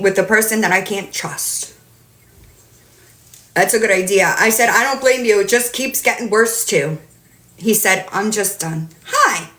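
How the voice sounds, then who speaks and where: A woman's voice: medium pitch, a bit bright, roomy sound. Indignant woman ranting on a livestream. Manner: indignant, reading out message exchanges. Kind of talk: casual livestream rant.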